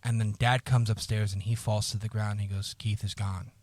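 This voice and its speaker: Halting low-voiced man telling a personal story. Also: little pitch movement, darkish tone, no room sound. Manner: halting, repeats words, swears often. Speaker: podcast co-host.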